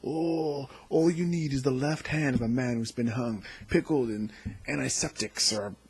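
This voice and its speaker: A man hosting a casual video review of a TV episode, recounting scenes excitedly and acting out the quotes. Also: mid-range voice, normal speed, slightly rough. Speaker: TV episode reviewer, channel host.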